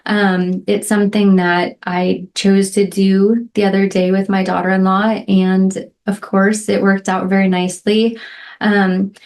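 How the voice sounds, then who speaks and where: A middle-aged woman hosting a solo podcast, speaking in a heartfelt, reflective way and often checking in with "right?" and soft "um" fillers. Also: mid-range voice, little pitch movement, measured pace. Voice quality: emotional, near tears at moments. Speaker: podcast host.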